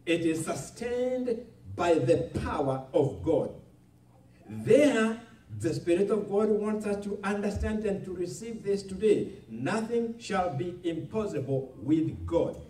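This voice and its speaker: A man preaching a sermon as a pastor, slow and emphatic, with repeated hallelujahs. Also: high voice, animated, mellow, reverberant, distant mic.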